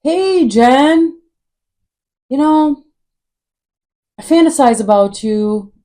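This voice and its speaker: A woman's voice: high voice, lively intonation, extremely slow, dark tone, voice pushed up, full character voice. A woman imitating assorted people who send her pushy messages, in a mocking, overly sweet sing-song.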